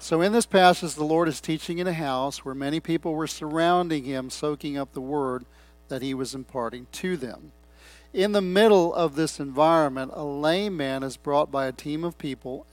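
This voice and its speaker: A man's voice: on the high side, no echo. A man preaching a sermon, reading scripture and stressing key words while asking the congregation questions.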